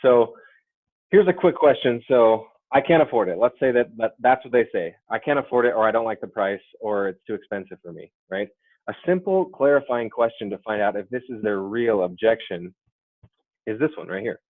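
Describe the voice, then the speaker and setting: Low-voiced man on a tinny webinar line. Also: lively intonation, moderate pace, no room sound. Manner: conversational, often adds "right?" and "okay?". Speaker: sales trainer. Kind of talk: webinar training talk. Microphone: computer or headset mic on a webinar. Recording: dry, phone-like webinar audio.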